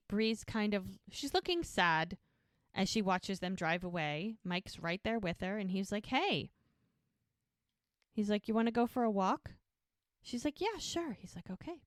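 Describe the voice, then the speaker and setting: A woman co-hosting a podcast, walking through a TV episode beat by beat. She acts out every exchange with "he's like" and "she goes". Her voice sits at a middle pitch and is recorded dry and close, with no room sound. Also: clear, resonant tone, dry recording. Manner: animated retelling, quoting characters with "he's like". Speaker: podcast co-host recapping a TV episode. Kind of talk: casual storytelling recap.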